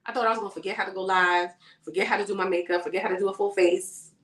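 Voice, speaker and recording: A woman's voice: mid-range voice, fairly even intonation, racing, fairly bright tone. Chatty woman livestreaming her makeup. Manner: chatty, addresses viewers as y'all and girl. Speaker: beauty livestream host. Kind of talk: casual chat while doing makeup. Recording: echoey room sound.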